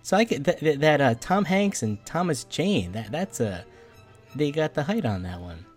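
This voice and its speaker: A man's voice: on the high side, very animated, normal speed, soft background music. A man co-hosting a casual podcast chat, rambling with lots of fillers and frequent laughs.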